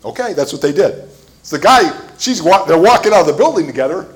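A man preaching a sermon, telling a story with fillers and restarts and getting louder as he retells scenes. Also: on the high side, very animated, fast talker. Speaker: pastor.

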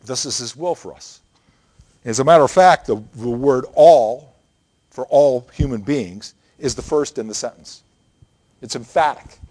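An earnest male pastor delivering a sermon in a mid-pitched voice. He presses his points with emphatic repetition and explains scripture line by line. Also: a little slow, a little mellow. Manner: earnest, emphatic preaching with repeated phrases.

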